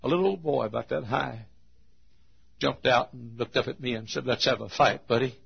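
A man preaching a sermon at a church service, booming into shouts and then dropping to a hush. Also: normal speed, creaky, breathy edge, highs cut off. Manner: swings from loud shouted quotes to hushed low asides.

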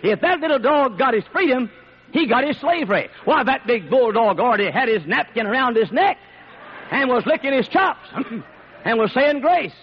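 A man preaching a sermon in an emphatic, repetitive way that rises to shouts, on a dull lo-fi recording. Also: very high-pitched, lively intonation, normal speed, a little hiss or hum.

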